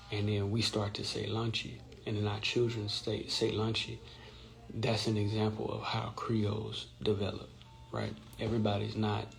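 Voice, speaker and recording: Low, flat, gravelly man explaining. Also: low-quality recording. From Louisiana. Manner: explanatory, often checks in with "right?". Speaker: host. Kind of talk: informal live-stream talk. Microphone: phone or computer mic on a social-media live stream.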